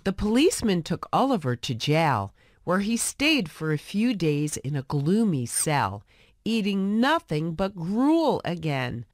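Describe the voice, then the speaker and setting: Woman, storybook narration, slow, expressive, lowish voice, dry close recording. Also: no echo. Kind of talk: scripted storybook narration for English learners.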